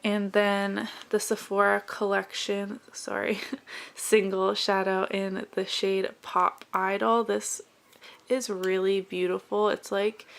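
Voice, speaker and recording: Going through her makeup collection, a young woman vlogger chats in a friendly, rambling way about the products in this casual declutter. Her voice is medium in pitch and creaky.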